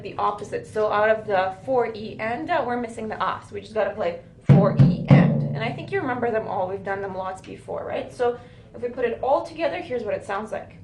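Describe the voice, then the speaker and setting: Woman drum teacher in an echoey room. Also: mid-range voice. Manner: counts beats aloud, says "right?" often. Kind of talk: recorded drum lesson for a student. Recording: roomy with drums playing.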